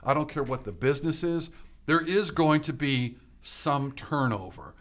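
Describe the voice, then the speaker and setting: A man's voice: a little high, unhurried, fairly bright tone. A man co-hosting a casual chat, asking follow-up questions and using lots of fillers. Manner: probing, asks follow-up questions, uses many fillers. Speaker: podcast co-host.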